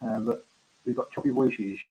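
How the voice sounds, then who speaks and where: Man, farmer host, halting casual live-stream chat, somewhat husky, dull lo-fi audio. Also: mid-range voice, steady tone. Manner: halting, full of ums and restarts.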